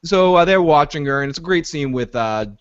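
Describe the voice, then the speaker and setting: A man co-hosting a podcast, recapping a TV episode in animated, casual chat, swearing freely. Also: a little high, brisk, clean tone, dry recording, highs cut off. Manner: animated, retells scenes with frequent swearing. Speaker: podcast co-host.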